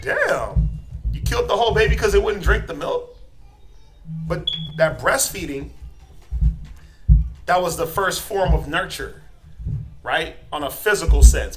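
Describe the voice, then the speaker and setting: A man with an American accent teaching a class in a casual, joking way, often acting out voices in quoted asides. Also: fairly high pitch. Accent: American English.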